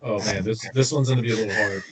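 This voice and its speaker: A man's voice: fairly low pitch, steady tone, fast, a bit bright, recorded from a distance. A man hosting a comedy podcast game, steering the rounds and laughing along. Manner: wrapping up rounds, laughing, hedging. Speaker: podcast host running the game. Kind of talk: improv comedy banter.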